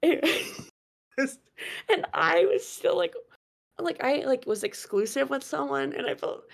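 A young woman telling a story in casual chat, animated and laughing, with plenty of fillers. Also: sits high, slow pace, vocal fry. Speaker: guest storyteller.

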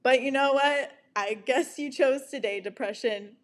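Woman in her twenties, candid vlog talk, unhurried delivery, light high voice, frank, self-mocking. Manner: frank and profane, laughing at herself, slow deliberate delivery. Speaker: vlogger. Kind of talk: candid personal storytelling to camera.

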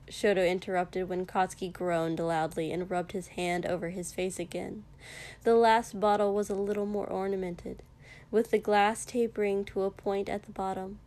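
A woman reading a fan fiction story aloud in a soft, measured narration with occasional small slips. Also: mid-range voice, little pitch movement.

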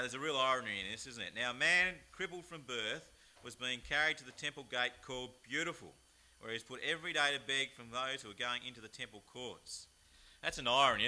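A man with an Australian accent, preaching a chatty, animated sermon with plenty of rhetorical asides. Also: medium pitch. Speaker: pastor. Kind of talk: lively sermon.

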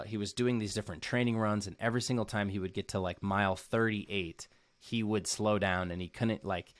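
A man's voice: on the low side, no echo. A young man giving an earnest, casual recap to camera as a motivational coach, often using "like" as a filler and repeating key phrases.

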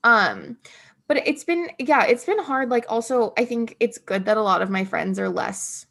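Young woman, twenties, casual chat, vocal fry, self-deprecating, laughs a lot. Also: a little high, expressive, normal speed, fairly bright tone. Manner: chatty, self-deprecating, laughs often, lots of fillers.

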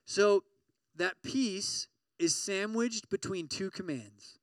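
A man preaching a conversational sermon to a campus ministry group, animated and often checking in with his listeners. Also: sits high, slow pace, no room sound, recorded from a distance. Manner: acts out everyday inner voices with sudden loud outbursts.

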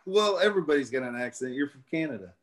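A man's voice: a little high, lively intonation, fast talker. A laid-back man with a Missouri drawl talks as a podcast guest. His manner is easygoing and open, and he chuckles often between answers. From Northern Missouri, US. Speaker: guest archer. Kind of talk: casual podcast interview.

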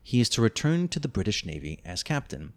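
This fairly low-pitched man speaks briskly in a sing-song way while reading a plot summary on the book-review podcast he co-hosts, adding teasing, mock-dramatic, playful remarks as he goes.

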